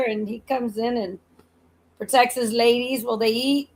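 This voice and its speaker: A woman's voice: fairly high pitch, steady tone, normal speed, low-quality recording. A woman with a slight Southern accent, chatting casually on a livestream, teasing and laughing often.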